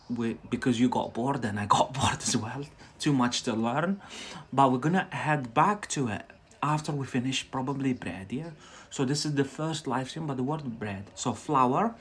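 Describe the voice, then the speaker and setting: A man with a Scottish accent teaching English on a livestream, chatty and repeating words slowly for learners. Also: mid-range voice. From Scotland.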